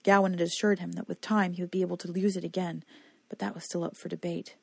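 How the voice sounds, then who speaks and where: Audiobook narrator, husky voice, dry close sound. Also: female voice, fairly low pitch, flat delivery, quick pace, darkish tone, no room sound. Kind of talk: scripted narration.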